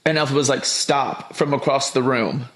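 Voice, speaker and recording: A man's voice: medium pitch, normal speed. A young man in casual chat, giving emphatic opinions in a film review, often restarting his sentences. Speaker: podcast guest.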